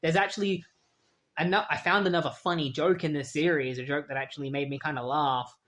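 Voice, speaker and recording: A comic book reviewer recapping a story in an easygoing, chatty way. Their delivery is full of fillers and wry asides, and their voice sits in a plain middle pitch. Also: fairly even intonation, brisk, fairly bright tone.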